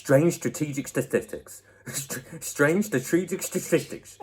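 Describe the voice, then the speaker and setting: A man's voice: mid-range voice, animated, unhurried, pauses often, crowd noise. A young man, host of his own channel, answering viewer questions in a playful, laugh-filled chat at home into a laptop mic. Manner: playful, laughs often, chats to a baby.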